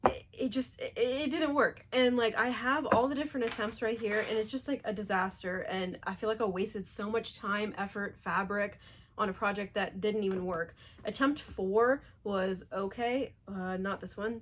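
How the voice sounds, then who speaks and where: A woman talks through her sewing project in a relaxed, chatty way, sounding exasperated and laughing at her own slip-ups. Her voice sits at a middle pitch. A faint hiss of background noise runs under the recording. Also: normal speed. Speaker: sewing vlogger. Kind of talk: casual chat.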